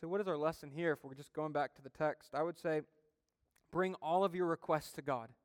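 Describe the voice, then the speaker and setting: A man's voice: on the high side, fairly quick, no room sound, clean studio sound, in a large hall. A male pastor preaching a sermon, emphatic and building intensity as he retells stories.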